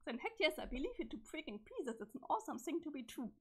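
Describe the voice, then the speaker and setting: A woman reads a webcomic's chat logs aloud, voicing an excitable, adventurous teenage boy who is easily awed. Her voice is high, bright, and fast with big pitch swings, pitched above her own natural range, and her voice is strained and failing. The excited lines are full of exclamations and quirky old-fashioned slang, with a little hiss or hum in the recording.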